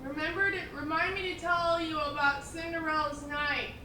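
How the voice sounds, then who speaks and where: A woman in her twenties chatting casually, telling lively stories full of fillers and quoted voices. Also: high-pitched, normal speed, roomy sound, slight background noise. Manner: animated storytelling with many fillers and quoted voices. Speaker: storyteller in casual chat. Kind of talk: casual chat.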